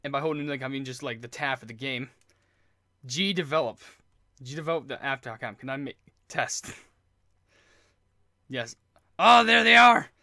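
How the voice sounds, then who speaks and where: A man hosting a gaming channel, gushing with excitement and stumbling over his words as he plays, with game music behind him. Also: medium pitch, normal speed, pauses often, no room sound, clean studio sound. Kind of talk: excited let's play commentary. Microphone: earphones with mic.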